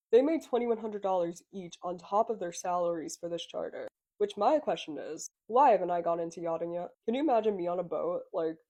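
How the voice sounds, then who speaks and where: A woman's voice: fairly low pitch, dark tone. A young woman casually recapping a reality show, chatty and sarcastic, swearing freely.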